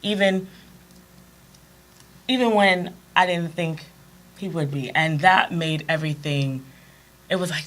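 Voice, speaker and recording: A woman's voice: on the low side, unhurried, pauses often. A woman guest in a casual interview, telling stories with lots of energy and acting out what people said. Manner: animated storyteller who acts out quotes.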